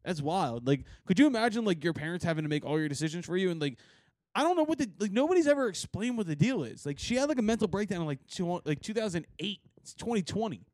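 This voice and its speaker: A man with a high voice rambles through a story in slangy podcast chat, breaking into laughter often. The sound is close and dry, with no room around it. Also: sing-song, quick pace, a little mellow, dry recording. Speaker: podcast host. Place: podcast recording.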